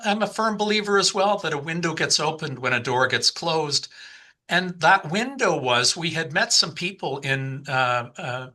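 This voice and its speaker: Guy in his 60s on a podcast, bright sharp voice, keeps restarting and repeating himself. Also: on the high side. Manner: repeats words and restarts mid-sentence. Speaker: podcast guest. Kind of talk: storytelling in conversation.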